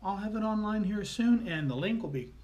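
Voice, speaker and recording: A man with a slightly higher voice than most men recounts family stories in a relaxed, folksy manner. He rambles a little and fills his pauses with easy "uh"s. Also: a little hiss or hum. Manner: folksy, chatty, with frequent "uh" pauses. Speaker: storyteller. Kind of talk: casual spoken anecdote.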